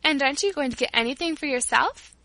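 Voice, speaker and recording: A woman's voice: high-pitched, animated, fast, pushed and bright, dry recording, heavily acted. A woman doing a scolding, practical housekeeper. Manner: scolding, matter-of-fact.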